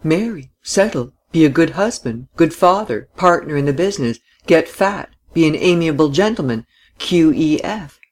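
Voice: medium pitch, lively intonation, normal speed, voice pushed up. A reader voicing a restless young man who answers with light, teasing retorts in a storybook reading. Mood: flippant.

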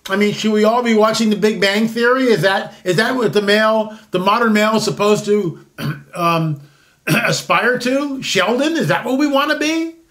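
At a normal speed, a man in his sixties with a high, fairly bright voice hosts a show of casual, opinionated commentary. He rambles and stresses his points, often restarting, repeating himself, and disclaiming.

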